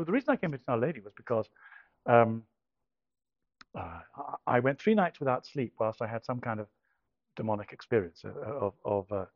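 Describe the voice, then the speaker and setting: A middle-aged man from England telling a personal story, halting and self-deprecating with many restarts. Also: mid-range voice, dry recording. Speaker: speaker telling a conversion story. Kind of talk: anecdotal storytelling talk. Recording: dull lo-fi dry recording.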